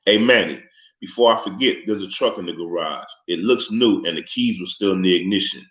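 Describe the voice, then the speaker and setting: A man's voice: sits low, fairly quick, fairly bright tone. A man voicing an eighteen-year-old drug dealer who talks in casual slang in a storybook reading. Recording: echoey, slightly muffled room recording.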